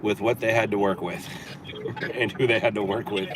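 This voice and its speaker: A man's voice: lowish voice, steady tone, normal speed, background noise. A man from Southern California hosting a casual livestream, talking back to viewer comments in a sarcastic, riffing way. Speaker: livestream host. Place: in a car.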